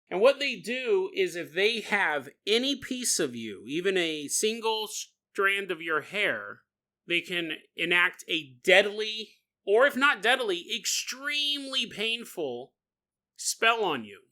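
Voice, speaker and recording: Bright, high-voiced joking podcast man. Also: big pitch swings. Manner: jokey, laughs often, slips into quick silly character voices. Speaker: podcast host. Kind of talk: comedic paranormal storytelling.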